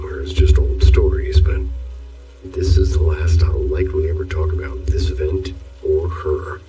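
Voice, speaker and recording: Super deep dark guy reading horror stories, steady, sounds far off with faint music. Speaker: horror story narrator. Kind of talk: scripted horror story narration.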